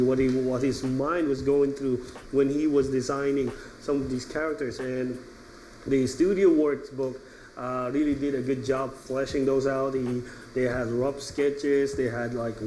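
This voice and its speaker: A man's voice: medium pitch, darkish tone, slight background noise, rough recording. Rambling man reviewing an artbook. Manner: rambling, halting, with many restarts; earnest fan, laughs now and then. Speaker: channel host. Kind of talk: casual artbook unboxing review. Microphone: top-down camera setup.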